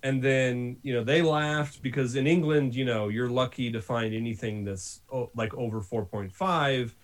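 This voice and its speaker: A man telling stories in a casual podcast chat, animated and laughing often. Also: mid-range voice, normal speed.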